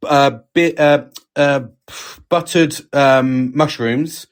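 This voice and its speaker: A man's voice: a little high, steady tone, slow. A man co-hosting a casual talk show, laddish, laughing and swearing a lot as he tells stories. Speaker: podcast co-host. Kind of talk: casual banter.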